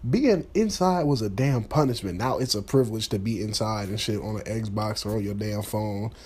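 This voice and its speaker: Twenties male, husky and rough, casual swearing rant, exasperated. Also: on the low side, moderate pace, a little mellow. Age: 20s. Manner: blunt, exasperated, swearing freely.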